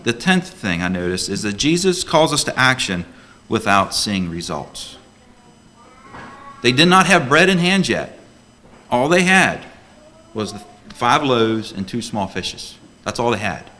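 A man's voice: mid-range voice, big pitch swings, a little slow, pushed and bright. A man preaching a sermon to a church congregation as a deacon, earnest and emphatic, full of rhetorical questions.

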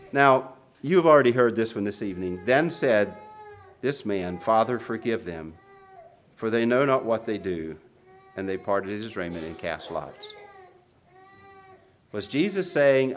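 Animated preacher reading scripture dramatically. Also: male voice, mid-range voice, unhurried, long pauses. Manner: reads scripture aloud in dramatic, rising bursts; drops to quiet asides between readings. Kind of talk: sermon.

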